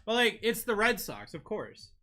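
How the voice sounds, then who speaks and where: A young man with a New England accent runs a live card-break stream, reading out player names and chatting with his viewers in a lively way. His voice sits high for a man, and its tone is strikingly bright and sharp. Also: moderate pace, slight background noise. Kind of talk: live-stream chat while opening cards.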